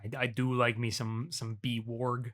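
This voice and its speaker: A co-host leading a casual podcast chat in a relaxed way, swearing freely and laughing often. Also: mid-range voice, unhurried.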